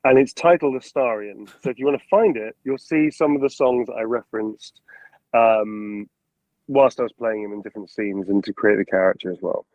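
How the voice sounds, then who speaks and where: A man, a voice actor, answering interview questions about his craft in an animated way and acting out voices as he goes. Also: lowish voice, fairly quick, dry recording, lo-fi sound. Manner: animated, acts out quotes and voices. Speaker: voice actor guest.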